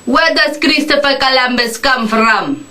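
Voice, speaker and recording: A woman's voice: high-pitched, lively intonation, measured pace, sharp tone. A woman ranting on her vlog, sarcastic and mocking, swearing freely. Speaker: vlogger. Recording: distant mic with background noise.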